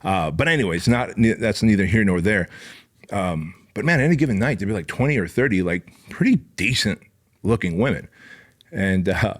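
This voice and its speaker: A man hosting his own podcast, telling a wild personal story in a casual, profane, animated way, full of "like" and "bro.". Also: on the low side, normal speed. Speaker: podcast host.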